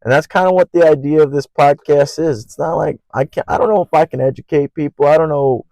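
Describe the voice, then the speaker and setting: A young man hosting his own podcast alone, rambling in an earnest, profane way and naturally loud. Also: fairly high pitch, steady tone, fast, gravelly, no echo, low-quality recording. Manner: loud by habit. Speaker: podcast host. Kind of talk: casual solo podcast monologue.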